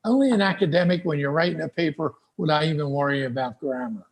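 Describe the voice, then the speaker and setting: A man with a Southern American accent, talking in a relaxed way with lots of "you know" as guest speaker in a live online English class. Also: on the high side, fast talker.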